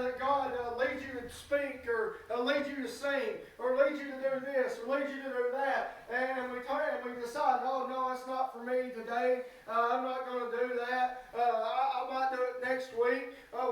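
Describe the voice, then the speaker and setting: A man delivers a sermon in a high voice, stumbling and filling pauses with "uh" in folksy, plain speech. He is heard from a distance across a very reverberant church. The sound is roomy and hollow. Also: fairly bright tone. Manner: halting, fills pauses with "uh". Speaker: preacher. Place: church sanctuary. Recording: echoey church from far off.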